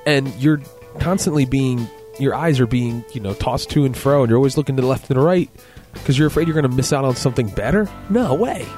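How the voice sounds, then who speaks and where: A man's voice: medium pitch, fairly quick, hardly any pauses, a little mellow, faint music behind. Rambling, joking male radio co-host. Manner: rambling, joking, lots of "you know". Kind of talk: casual faith talk on radio.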